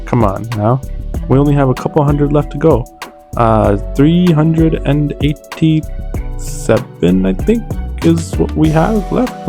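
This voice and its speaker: A man's voice: medium pitch, creaky. A young man giving casual, slangy reaction commentary, blunt and swearing freely. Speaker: video reactor host. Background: music.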